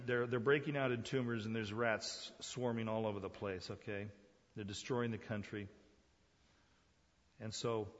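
A man preaching a sermon with big swings in volume, dropping to a near murmur and then rising to loud, high-pitched exclamations. His voice rings with a long hall reverb, and the sound is a little muffled. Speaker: pastor.

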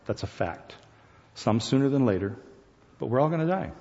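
A man's voice: mid-range voice, lively intonation, normal speed, mellow. A man preaching a sermon, talking to the congregation in a conversational way and asking them questions. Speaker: pastor. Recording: dull recording with long hall reverb.

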